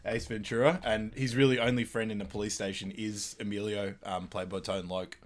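A man, co-hosting a podcast in a casual chat, chatty and quick to laugh, with lots of filler words. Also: fairly low pitch, flat delivery. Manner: chatty, laughs often, loose filler-heavy delivery. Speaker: podcast co-host. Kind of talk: casual movie recap chat.

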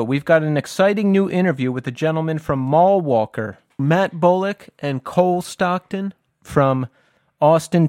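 A man's voice: on the high side, darkish tone, no room sound, clean studio sound. A man hosting a podcast, talking in an upbeat, enthusiastic way. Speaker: podcast host. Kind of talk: casual podcast chat.

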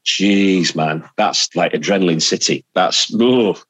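Man, middle-aged, from England, lower voice, husky, animated anecdotes, dry sound. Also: a little slow, no echo, poor audio. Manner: chatty storyteller, animated anecdotes. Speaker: radio presenter, podcast guest. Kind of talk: casual chat.

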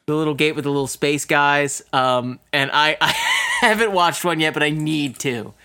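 A man's voice: on the high side, normal speed, sharp tone, clean tone. A man co-hosting a casual podcast, rambling with restarts and laughing often. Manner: rambling, stops and starts, easily amused. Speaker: podcast co-host. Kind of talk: casual chat.

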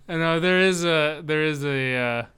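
A man's voice: fairly high pitch, pushed and bright, smooth. A man co-hosting a casual chat about movie trailers, rambling with hesitant fillers and dry humor. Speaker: podcast co-host.

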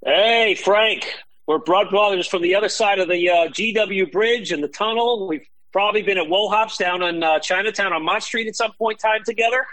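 Bright jovial New co-host. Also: male voice, high voice, normal speed, dry recording, rough recording. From New Jersey. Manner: jovial, familiar banter.

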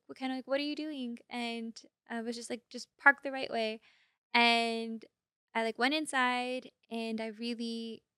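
A young woman chatting on a podcast in a bright, ringing voice that sits a little high. She talks in an animated, giggly way, full of "like" fillers, close to the mic in a dry room. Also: no echo. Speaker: podcast co-host. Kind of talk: casual podcast chat.

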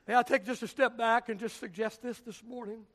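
A pastor preaching a sermon in a church, with a dramatic, repetitive cadence that swings from shouting to hushed whispers. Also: male voice, extremely high pitch, fairly even intonation, brisk. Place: church sanctuary.

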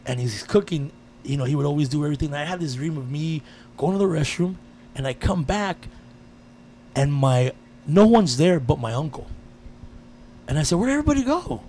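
A man in casual chat, telling a personal story with lively energy and frequent swearing. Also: a little high, normal speed, a little hiss or hum. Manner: animated storyteller, swears freely.

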